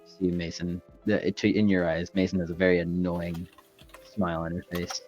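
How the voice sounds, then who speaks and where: A man narrating as game master of a tabletop game, halting and filled with pauses. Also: low voice, little pitch movement, a little mellow, muffled recording, faint music behind.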